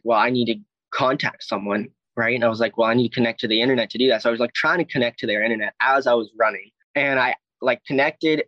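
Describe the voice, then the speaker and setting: A man's voice: mid-range voice, no echo, muffled recording. A young man from Alabama, telling a personal story in a casual, rambling way full of "like" and swearing. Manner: rambling, heavy "like" and "I was like", frequent swearing. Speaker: guest telling his story.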